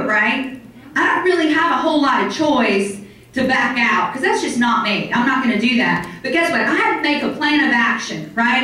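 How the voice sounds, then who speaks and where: A middle-aged woman giving an animated motivational talk to a live audience in a hotel conference room, acting out other people's reactions. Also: high-pitched. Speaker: motivational speaker. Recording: very echoey hall from far off.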